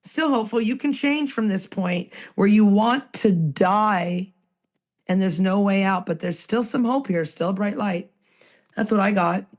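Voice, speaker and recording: A woman's voice: mid-range voice, unhurried, a little mellow. A Canadian-born woman in a recovery roundtable, sharing her story in a raw, emotional, rambling way. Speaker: recovery group participant.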